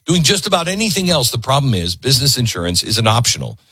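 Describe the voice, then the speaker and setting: A man's voice: mid-range voice, sing-song, quick pace, pushed and bright, slightly rough, no echo. A man hosting a political talk radio show, ranting sarcastically. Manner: sarcastic, ranting, mocking voices.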